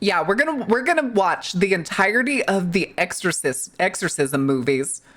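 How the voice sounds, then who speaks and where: A woman's voice: mid-range voice, lively intonation, moderate pace, a bit bright, soft background music. A woman streamer from the US Midwest, chatting casually and joking with her live chat, swearing freely as she talks.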